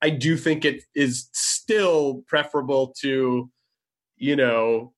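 A man's voice: medium pitch, takes it slowly. A man in casual conversation, talking in a rambling, hesitant way with many restarts.

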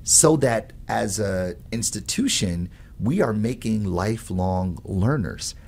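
A man who teaches at a college, explaining his ideas on learning in an animated, storytelling way and often adding "right?". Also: fairly low pitch, slow pace, creaky, husky. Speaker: professor. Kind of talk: conversational explanation.

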